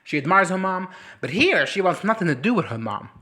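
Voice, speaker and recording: A woman chatting casually as a movie reviewer, animated and swearing, breaking into quick impressions of characters. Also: fairly low pitch. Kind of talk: casual reaction chat.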